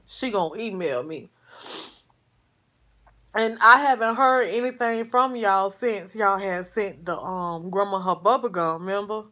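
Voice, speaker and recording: A woman vlogger talking slowly and softly to her viewers, full of sighs and halting restarts. Her voice is subdued and grieving, and she calls her audience y'all in a loose, casual livestream chat. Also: medium pitch. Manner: slow, sighing, halting, speaks to viewers as y'all.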